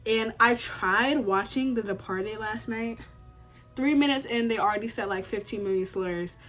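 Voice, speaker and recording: A woman's voice: on the high side, moderate pace, over music. Chatty young woman vlogger. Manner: chatty, emphatic, repeats herself. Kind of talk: casual chat to camera.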